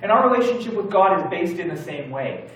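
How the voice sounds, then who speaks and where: A man's voice: high voice, animated, a little fast, fairly bright tone. Male preacher, chatty storytelling sermon, distant mic in a very reverberant church. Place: church sanctuary. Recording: very echoey church hall from far off.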